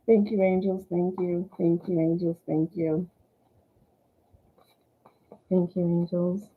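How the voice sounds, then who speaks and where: A woman with a Southern US accent giving a casual tarot reading, chatty and giggly, softly thanking the angels. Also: fairly low pitch, little pitch movement, extremely slow, long pauses, husky. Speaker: tarot reader. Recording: tinny phone-like sound.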